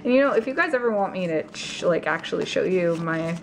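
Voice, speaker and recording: A woman vlogging a card pack opening, gasping and gushing with excitement as she reads out each card. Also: fairly low pitch, brisk, creaky, background noise. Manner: gasping, gushing, breathless exclamations. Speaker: YouTuber opening trading card packs. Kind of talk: excited unboxing vlog.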